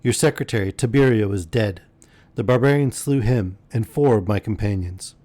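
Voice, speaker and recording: A man voicing a rough male cutthroat who bluntly reports back to his master. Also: on the low side, normal speed, mellow, natural voice.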